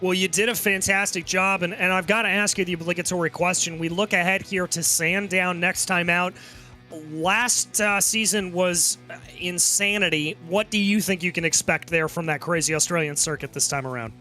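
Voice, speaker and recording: A man calling an online race in a high, bright voice. He rattles through the finishing order and then questions the drivers. Loud music plays under him. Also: fairly even intonation. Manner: rapid results rundown, interviewing drivers. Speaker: race commentator. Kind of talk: play-by-play sim racing commentary.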